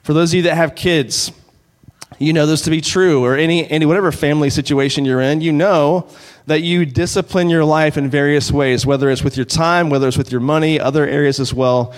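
A man preaching a sermon as pastor, in an earnest, conversational way, slowing down to read scripture. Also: a little high, steady tone. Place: church sanctuary. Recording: long hall reverb.

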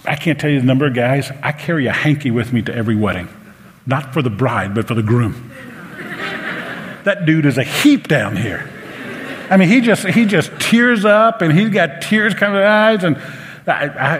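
A man, preaching a sermon in a church and telling personal stories with earnest, emotional restarts. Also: mid-range voice. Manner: earnest storytelling, emotional, some stammered restarts. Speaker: pastor. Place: church sanctuary. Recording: live sermon with long hall reverb.

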